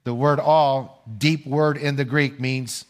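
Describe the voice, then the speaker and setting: An older man preaching a sermon as pastor, earnest and measured, asking his listeners rhetorical questions and pausing for answers. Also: mid-range voice, fairly even intonation.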